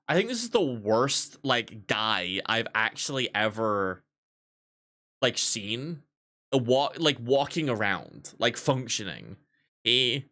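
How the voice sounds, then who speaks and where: Casting: male streamer, bright, forward tone, profane chatty barista storyteller. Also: medium pitch. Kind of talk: casual livestream chat.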